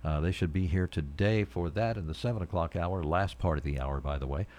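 A man's voice: low-pitched, brisk, no echo. A man hosting a local morning radio show, chatting loosely about weather and upcoming guests with plenty of fillers. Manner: relaxed, rambling with fillers. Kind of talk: casual radio announcing.

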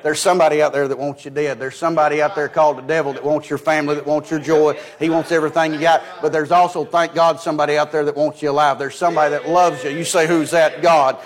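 A man preaching a folksy sermon with a fairly high-pitched voice. He tells stories in a down-home way and keeps saying "he said." His delivery swings from loud, emphatic declarations to low, quiet asides. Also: fairly even intonation, fast talker, few pauses. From United States. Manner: folksy, storytelling with repeated "he said".

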